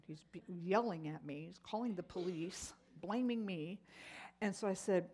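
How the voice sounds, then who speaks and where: A middle-aged woman teaching a Bible lesson, telling stories in an animated way with frequent exclamations. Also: mid-range voice, moderate pace.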